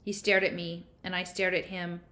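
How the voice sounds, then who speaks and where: A woman's voice: lowish voice, flat delivery, moderate pace, sharp tone. Woman reading a novel aloud. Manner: conversational, unpolished reading with small slips. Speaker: audiobook reader. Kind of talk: reading a novel aloud, first-person narration.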